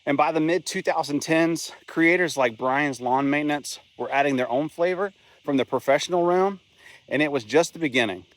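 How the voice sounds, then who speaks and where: A man's voice: fairly high pitch, moderate pace. A man narrating a scripted video essay in a plain, conversational way, with an occasional aside. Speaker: channel host.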